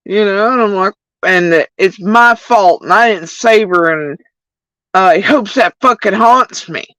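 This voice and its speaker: A woman's voice: mid-range voice, measured pace, dry recording, poor audio. A woman livestreamer talking casually to her chat in a profane, heated rant, addressing viewers directly. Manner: profane, animated ranting.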